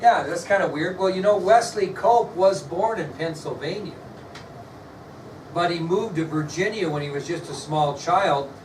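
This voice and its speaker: A male history teacher lecturing a class, quizzing students and spelling words out slowly. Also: high-pitched, background noise. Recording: echoey classroom, mic far off, faint ambience.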